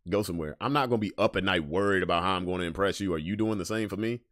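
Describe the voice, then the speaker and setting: A man hosting a casual solo podcast and reacting to memes. He talks bluntly and profanely, swinging between loud emphasis and low asides. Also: fast, no echo, studio quality. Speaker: podcast host.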